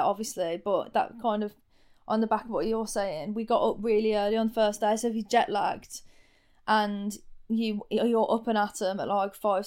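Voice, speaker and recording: A woman's voice: medium pitch, darkish tone, smooth. A young woman with a strong Midlands accent, co-hosting a casual podcast chat in a rambling, wry way. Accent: strong Midlands English. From England. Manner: rambling, filler-heavy, wry. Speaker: podcast co-host.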